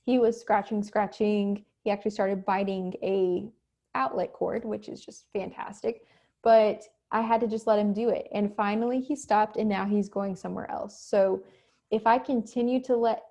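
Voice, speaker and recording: A woman teaching an online class from home, talking casually and acting out quick examples. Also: mid-range voice, mellow. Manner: conversational, acts out quick examples. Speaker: instructor. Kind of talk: recorded online lecture. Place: home, cat nearby.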